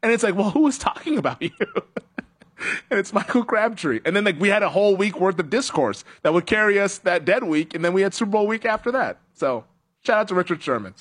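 A man's voice: sits high, lively intonation, a little fast, fairly bright tone, husky. A man hosting a sports talk show, chatting casually, laughing often and acting out quotes. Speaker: sports radio host.

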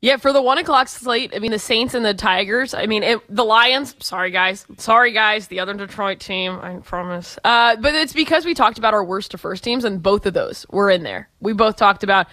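Texan woman sports radio co-host, bright crisp tone, emphatic and chatty, dry booth sound. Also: mid-range voice, fairly quick, few pauses, no room sound. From Austin, Texas. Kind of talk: sports talk show.

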